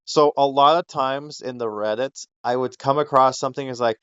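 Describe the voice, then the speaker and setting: A man's voice: medium pitch, flat delivery, a little fast, few pauses, clear, resonant tone, dry recording. A man chats casually on his podcast, rambling, swearing and laughing as he goes. He acts out little quoted exchanges instead of just telling them. The recording is dull and dry, like a home setup with no room sound. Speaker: podcast host.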